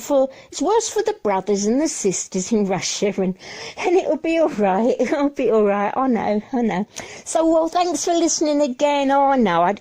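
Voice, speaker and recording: Woman, high lively voice, confessional monologue, rambling and worried. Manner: rambling, worried, repeats herself and restarts. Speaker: mother sharing her troubles.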